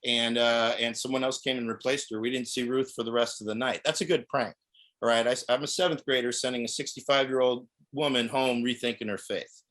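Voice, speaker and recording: A man's voice: mid-range voice, steady tone, fairly quick, fairly bright tone. Rambling middle-aged male stand-up comic. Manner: rambling, self-interrupting delivery. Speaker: stand-up comedian. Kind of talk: stand-up set on a video call.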